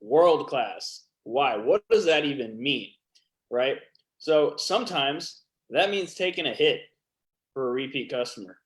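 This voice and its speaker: A man's voice: medium pitch, animated, measured pace, poor audio. Man coaching viewers as host. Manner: addresses viewers directly as "guys", coaching tone. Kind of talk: casual interview and coaching talk.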